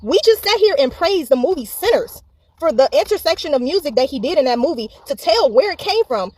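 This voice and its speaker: A woman's voice: high voice, sing-song, brisk, darkish tone. A woman from the United States giving exasperated social media commentary with sarcastic asides.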